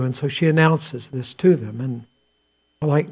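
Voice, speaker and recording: A man preaching a sermon as a pastor, telling the story conversationally with restarts and shifts between quiet asides and louder points. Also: fairly high pitch, a little slow. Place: church.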